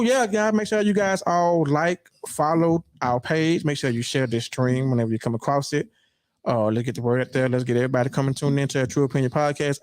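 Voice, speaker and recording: A man's voice: mid-range voice, dry recording. Laid-back man hosting, dry close sound. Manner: relaxed, loose, with frequent fillers and restarts. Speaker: podcast host. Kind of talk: casual chat.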